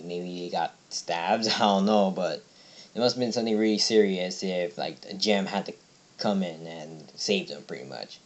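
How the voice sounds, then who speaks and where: A young man casually recapping and reviewing a cartoon episode, rambling with many fillers and restarts. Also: deep voice. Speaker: video reviewer.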